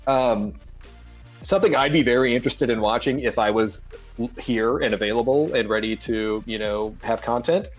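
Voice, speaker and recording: A man co-hosting a casual gaming news podcast, animated and jokey, often talking over his partner. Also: medium pitch, moderate pace, faint music behind. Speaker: podcast co-host.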